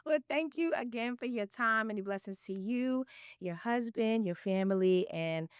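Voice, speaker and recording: A woman hosting a faith podcast in casual interview chat, animated and often laughing, encouraging her listeners. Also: on the high side, normal speed, smooth, dry recording, clean studio sound. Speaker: podcast host.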